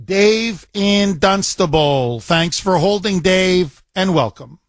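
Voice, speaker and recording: A man's voice: high-pitched, animated, slow pace, dry recording. A man hosting a talk radio call-in show, pressing his points with repetition and rhetorical questions. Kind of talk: talk radio, taking calls. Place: radio studio.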